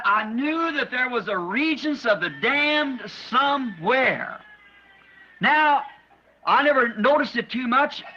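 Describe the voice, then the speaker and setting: A man preaching a sermon, telling an earnest story in folksy speech and often repeating his words. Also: very high-pitched. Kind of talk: sermon testimony. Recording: dull lo-fi archive sermon tape.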